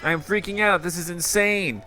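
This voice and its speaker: A YouTuber reacting on camera, an excitable man with a bright, ringing voice. He talks a little high and keeps exclaiming at the game as he plays, with soft music in the background. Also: moderate pace. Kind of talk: excited gaming commentary.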